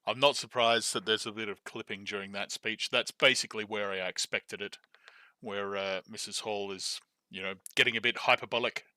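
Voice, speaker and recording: Guy chatting while he edits audio, jokey, low-ish voice, super bright and dry. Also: steady tone, moderate pace, no echo. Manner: chatty, joking, talking to chat while editing. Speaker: audiobook producer. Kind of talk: casual behind-the-scenes commentary.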